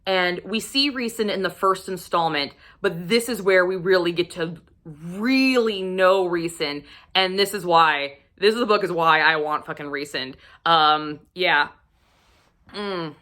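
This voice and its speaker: A woman vlogger recommending romance books to camera, gushing and swearing freely, sometimes dropping into a breathy whisper. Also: lowish voice, measured pace, bright, forceful tone. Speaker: book reviewer. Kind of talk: casual book recommendation vlog.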